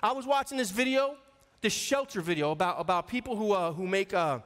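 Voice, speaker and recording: A man's voice: sits high, animated, brisk, fairly bright tone. A man in his forties from the New York area, an associate pastor preaching a sermon in a conversational, storytelling way and calling out to his congregation. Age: 40s. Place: church sanctuary. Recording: long reverb of a church hall.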